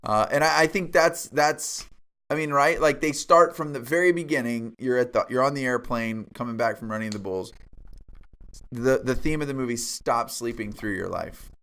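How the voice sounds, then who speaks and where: A man's voice: medium pitch, normal speed, a bit bright. Earnest, reflective male co-host. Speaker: podcast co-host. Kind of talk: casual movie review chat.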